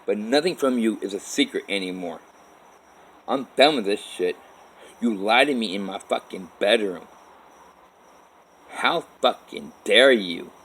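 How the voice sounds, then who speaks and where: A man's voice: on the low side, lively intonation, a little slow, pauses often, fairly bright tone, husky, heavily acted, low-quality recording. A man re-enacting a teenage girl who angrily scolds him and curses. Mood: angry. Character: angry teenage girl, accusing and cursing.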